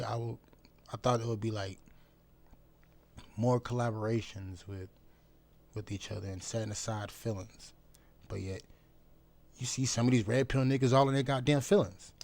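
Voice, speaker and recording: A man talking bluntly and profanely in a casual vlog monologue. He repeats phrases for emphasis and swings between loud outbursts and low mutters. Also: steady tone, moderate pace, gravelly, pauses often. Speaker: vlogger.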